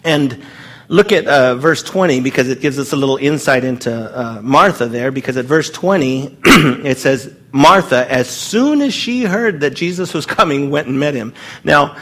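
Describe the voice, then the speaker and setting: A man's voice: lively intonation, moderate pace, a bit bright. A man preaching a sermon in a loose, conversational way, with fillers and asides, and acting out quoted lines. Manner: acts out quoted lines with rising pitch.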